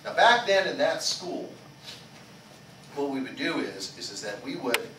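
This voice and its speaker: A man's voice: medium pitch, very animated, a little slow, sharp tone, recorded from a distance. A male martial arts instructor teaching a small class, checking in with "okay?" after nearly every sentence, asking the group questions and leading them in chants. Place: karate school training hall. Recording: echoey hall recorded from afar with background noise.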